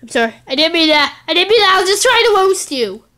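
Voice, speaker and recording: A woman's voice: very high-pitched, big pitch swings, fast talker, pushed and bright. A woman performing a playful improvised plush toy skit, sing-song and switching between silly character voices. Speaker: plush toy video maker.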